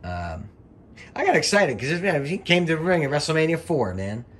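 This middle-aged man, once a wrestling referee, talks over old match footage in a fairly high, somewhat bright voice with big pitch swings. His commentary rambles casually, full of swearing, and he gets worked up easily.

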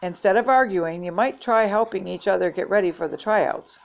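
Old lady doing a bossy snake lady, firm, kinda raspy. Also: mid-range voice, moderate pace, lightly acted. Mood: lecturing. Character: bossy grown woman with a pet snake.

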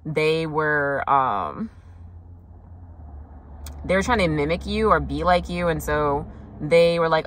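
A woman's voice: low voice, moderate pace, a bit bright, a little hiss or hum. A young woman doing a casual tarot reading, talking loosely with lots of fillers and frank swearing. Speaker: tarot reader.

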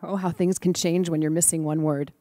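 Woman preacher, warm storytelling sermon, affectionate, dry close sound. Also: low voice, fairly quick, dry recording. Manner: gentle, affectionate, lively when quoting children. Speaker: speaker in a preaching class. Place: church or center hall.

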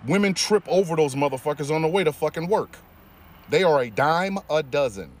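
A man delivering a heated commentary rant, swearing heavily and pushing his voice up into loud peaks. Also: a little high, animated, a little fast. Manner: heated, heavy swearing, rising into shouty peaks. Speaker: commentator reacting to clips. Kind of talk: profane rant.

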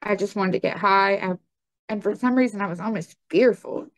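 A young woman telling her personal testimony in conversation, halting and full of ums and likes. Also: mid-range voice, no echo.

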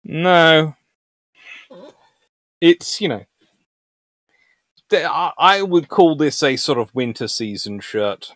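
A man hosting a naval history livestream, chatting with viewers in an animated, jokey way. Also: a little high, slow pace, long pauses, no echo. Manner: animated and jokey, puts on silly voices for nations. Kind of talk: live stream talk answering chat.

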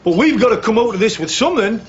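A cocky Geordie schemer. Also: male voice, sits high, expressive, fast talker, dull audio, slight background noise. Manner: blunt, boastful, scheming. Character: cocky scheming working-class builder. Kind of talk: television drama acting.

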